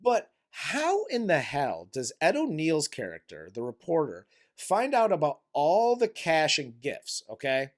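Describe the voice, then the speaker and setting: Animated man with a lively voice. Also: on the high side, measured pace, hardly any pauses. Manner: animated, swearing, acts out movie scenes. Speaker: movie review podcast co-host. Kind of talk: casual chat.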